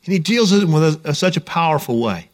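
A man's voice: a little high, expressive, fast talker. A man preaching a sermon in a conversational, joking storytelling way. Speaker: pastor.

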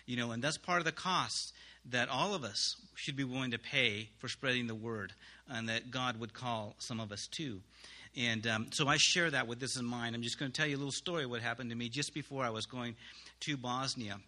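A man, a missionary, giving an earnest spoken testimony to a congregation, halting with pauses and restarts. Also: medium pitch, pushed and bright.

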